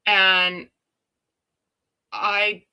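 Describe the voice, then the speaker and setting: A woman's voice: medium pitch, little pitch movement, very slow, bright, forceful tone, clear, resonant tone. A middle-aged Canadian woman hosting a casual livestream, chatty and exclaiming often, greeting viewers by name. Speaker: livestream host.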